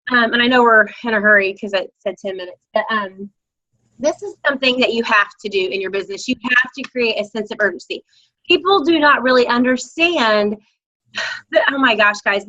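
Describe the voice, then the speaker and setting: Bright, bubbly woman on a lo-fi call. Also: on the high side, no room sound. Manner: enthusiastic, chatty, rambling. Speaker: business coach. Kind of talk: motivational video call talk. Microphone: video call. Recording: dull lo-fi video call audio.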